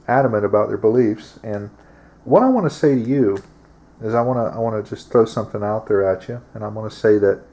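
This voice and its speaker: Speaking to camera in a relaxed monologue, a male show host uses a lowish voice with a darkish tone. His delivery is plain and drawling, full of fillers.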